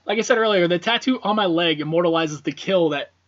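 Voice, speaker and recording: On dull, lo-fi audio, this horror film podcast co-host talks fast in a high voice. He rambles profanely, packing his speech with fillers.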